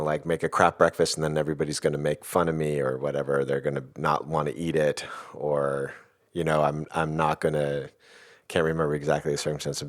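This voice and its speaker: Very deep-voiced man musing aloud. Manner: thoughtful, rambling, with soft laughs. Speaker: podcast host and guest expert. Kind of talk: reflective conversational explanation.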